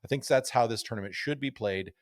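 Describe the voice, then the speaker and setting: A man's voice: mid-range voice, fast talker, no room sound. Man on a podcast, dry sound. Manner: reads newspaper quotes aloud in a storytelling way. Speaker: podcast co-host. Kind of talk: casual golf podcast chat.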